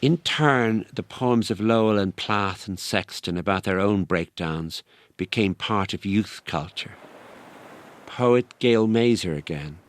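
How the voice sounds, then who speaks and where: A man giving measured, scripted documentary narration. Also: lowish voice, dry recording.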